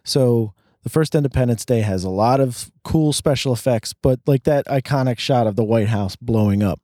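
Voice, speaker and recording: Mellow-voiced man chatting about movies. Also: mid-range voice, normal speed, dry recording, studio quality. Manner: relaxed, opinionated, full of fillers. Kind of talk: casual movie review chat.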